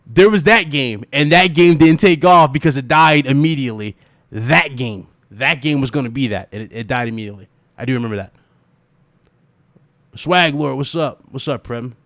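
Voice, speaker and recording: A man hosting a gaming livestream, ranting and laughing in animated, profane casual chat. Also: mid-range voice, normal speed, no room sound, clean studio sound.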